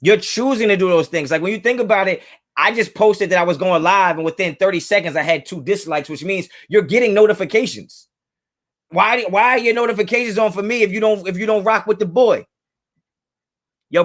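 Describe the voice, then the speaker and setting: A man's voice: sits high, normal speed, a bit bright. A man hosting a casual livestream from home, talking in laid-back slang and greeting chatters by name. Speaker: livestream host. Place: home, kids in another room.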